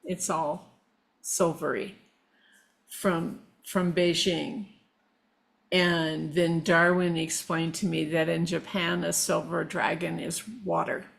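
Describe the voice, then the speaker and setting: Middle-aged woman guest, unhurried and gravelly, halting casual talk. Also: on the low side, little pitch movement. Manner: slow, meandering, halting with restarts. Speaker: guest, shamanic practitioner. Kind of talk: casual conversation.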